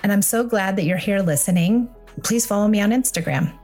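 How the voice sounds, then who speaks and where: A woman's voice: medium pitch, fairly quick, a little mellow, faint music behind. A woman in her forties hosting a parenting podcast, talking candidly and reassuringly about her own mistakes as a parent. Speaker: parenting coach and podcast host. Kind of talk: solo podcast monologue.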